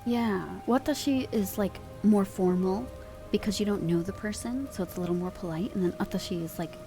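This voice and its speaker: A woman's voice: mid-range voice, fairly quick, over music. A woman streamer chatting casually with her live chat, giggly and swearing freely, at a desk microphone at home.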